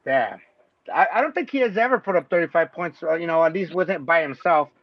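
A man with a high voice hosts a casual sports podcast, loose and excitable, swearing freely and laughing often. The sound is dry and a little dull, like a home lo-fi recording. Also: fairly quick, no echo. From Mexico. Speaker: podcast host.

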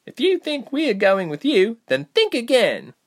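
Fierce young fire-mage woman, voiced by a man in an audiobook, pitched high and curt. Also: wildly swooping pitch, unhurried, exaggerated voice.

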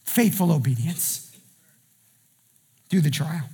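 A man preaching a sermon as pastor, impassioned, often shouting in a sing-song way. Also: on the high side, takes it slowly, vocal fry, breathy edge.

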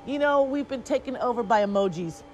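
A woman's voice: a little high, animated, fairly quick, a little mellow, soft background music. A woman co-hosting a casual talk show, chatty and rambling, often laughing. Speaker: podcast co-host. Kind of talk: casual chat.

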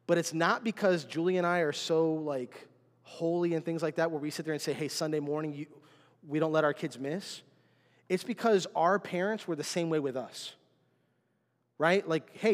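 A middle-aged male pastor preaching to his congregation in a church, conversational and often checking in with "right?" and "amen?". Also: sits high. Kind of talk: sermon. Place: church sanctuary. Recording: long hall reverb.

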